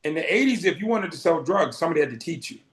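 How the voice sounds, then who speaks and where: Rapid-fire and expressive, his fairly high, slightly bright voice drives the telling of his story as an interview guest. He's a middle-aged man from Boston who acts out the dialogue he quotes, recorded in a space with roomy echo.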